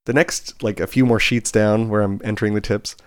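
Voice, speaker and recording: Low-voiced man telling animated stories. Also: fairly quick, clean tone, dry recording. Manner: animated storytelling, acting out quoted voices. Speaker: podcast co-host; bartender. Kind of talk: casual chat.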